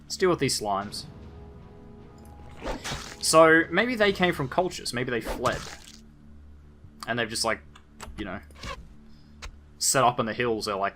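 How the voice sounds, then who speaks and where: Animated man doing game commentary. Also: medium pitch, slow pace, long pauses, soft background music. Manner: animated, wry, jokey asides. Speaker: let's play host. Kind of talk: casual game commentary, reading in-game text aloud.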